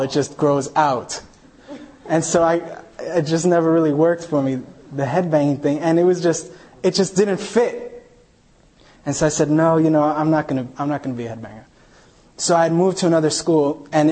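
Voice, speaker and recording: A man's voice: a little high, a little mellow. A man preaching a sermon, telling a personal story and acting out the voices of people he quotes. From New York, United States. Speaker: pastor.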